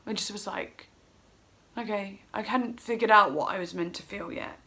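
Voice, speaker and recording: A woman's voice: medium pitch, a little fast, vocal fry, sharp tone. A middle-aged woman at home, telling a personal story in a casual, emotional, rambling way and acting out her own quotes. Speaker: vlogger.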